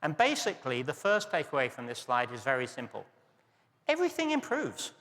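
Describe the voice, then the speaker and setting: Bright-voiced older man in a hall. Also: medium pitch, expressive, fast talker. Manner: chatty and self-deprecating, many "uh" fillers. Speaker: professor of psychiatry, guest speaker. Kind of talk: luncheon speech with slides. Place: large banquet hall. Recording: long reverb of a large hall.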